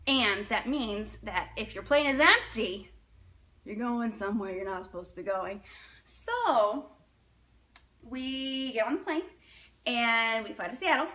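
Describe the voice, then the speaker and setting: A young woman in her twenties tells a casual personal anecdote with animated, dramatic delivery. Her voice is high and bright, and "like" peppers her sentences. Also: a little slow. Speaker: storyteller.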